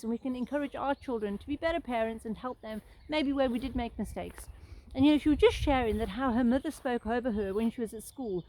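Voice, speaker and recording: Fast-talking earnest woman sharing faith. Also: high voice, mellow, rough recording. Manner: earnest, rambling storytelling with restarts. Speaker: Christian vlogger sharing encouragement. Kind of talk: casual live-stream testimony.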